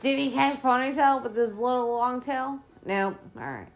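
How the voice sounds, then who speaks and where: A woman's voice: high-pitched, normal speed. A woman podcast host giving casual movie commentary, swearing a lot and ranting in an exasperated, sarcastic way.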